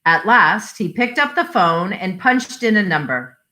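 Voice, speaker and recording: A woman reads a short story aloud in a slow, measured way. Her voice is bright, and her pitch rises and falls in a lively way as she moves between narration and dialogue. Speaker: library story reader. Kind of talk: reading short stories aloud.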